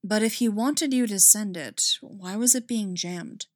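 A calm male Jedi asks his questions quietly and gently, as a woman reads him. The storybook voice is steady in pitch, close and dry. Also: measured pace, no echo, close to an everyday voice. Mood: probing.

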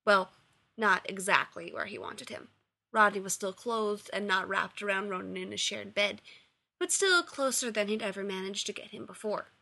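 A woman reading fan fiction aloud in a steady storytelling narration. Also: mid-range voice, normal speed, vocal fry. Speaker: reader.

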